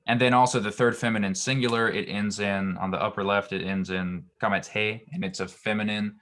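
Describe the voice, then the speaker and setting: A man with a somewhat low voice explains Hebrew verb forms in a relaxed, patient way. He often pauses with an "um" or restarts a phrase before moving on. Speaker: Hebrew teacher. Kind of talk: online grammar lesson.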